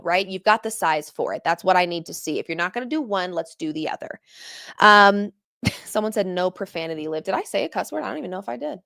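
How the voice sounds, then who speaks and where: A young adult woman hosting a post-game reaction show, talking to her viewers in an animated, exasperated way with sarcastic asides. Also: mid-range voice. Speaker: sports show host.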